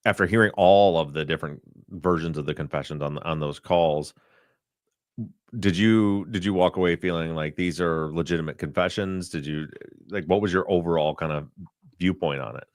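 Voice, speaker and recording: A man hosting a podcast, talking loosely and haltingly, with restarts as he asks his guest questions. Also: low-pitched, no echo, clean studio sound. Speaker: podcast host. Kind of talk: casual podcast conversation.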